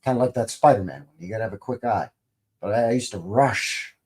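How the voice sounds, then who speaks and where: A man's voice: lowish voice, fairly quick, a little mellow. A man hosting a live stream in a casual, rambling way, greeting viewers and reading their comments aloud with light jokes. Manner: jokey and informal, swears lightly. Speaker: livestream host.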